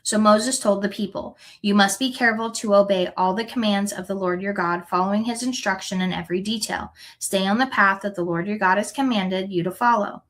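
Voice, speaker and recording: A woman reading scripture aloud in an earnest, unhurried way, now and then correcting a word. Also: mid-range voice, a bit bright, rough recording. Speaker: scripture reader.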